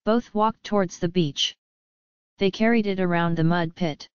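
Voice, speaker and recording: A woman reads an audiobook in a steady, even way. Her voice is low and very smooth. The sound is dry and close, a little muffled. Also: moderate pace, dry recording. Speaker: audiobook narrator. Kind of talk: scripted narration.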